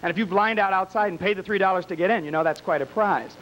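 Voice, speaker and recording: Male emcee, high-pitched, campy, teasing, live bar show. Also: fast, a bit bright, a little hiss or hum, rough recording. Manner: teasing, wisecracking. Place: small bar with a live audience.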